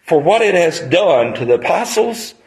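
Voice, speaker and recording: A man's voice: a little high, sing-song, moderate pace, a little mellow, low-quality recording. A man, preaching a sermon on a Bible passage in a conversational storytelling manner.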